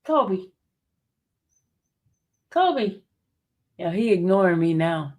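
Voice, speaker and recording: A woman's voice: on the low side, sing-song, very slow. A woman chatting casually with her viewers and teasing her dog with playful questions.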